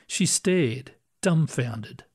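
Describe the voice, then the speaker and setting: A man reading short stories aloud in a calm, measured manner. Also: medium pitch, breathy edge. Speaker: narrator. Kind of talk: storybook reading.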